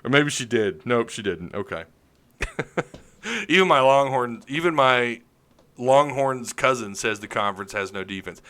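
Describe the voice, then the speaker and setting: Man, sports podcast host, opinionated joking rants, bright forceful tone. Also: mid-range voice, animated, unhurried. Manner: loud, opinionated, joking rants with frequent laughs. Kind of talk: live-stream sports chat reading comments.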